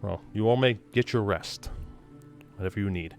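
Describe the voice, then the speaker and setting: Dragonborn scholar, male, reserved and formal, voiced by a man. Low register. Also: faint music behind, lightly acted. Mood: calm. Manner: formal, measured.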